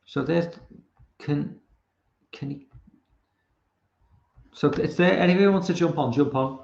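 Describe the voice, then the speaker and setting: A man with a Liverpool accent talks with a gravelly, fry-laden voice, rambling and swearing freely as he chats over a film. The sound is roomy and a bit dull, like lo-fi stream audio in an echoey room. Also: a little high, a little slow, long pauses, darkish tone. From Liverpool, England. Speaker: live stream host. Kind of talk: casual live film commentary.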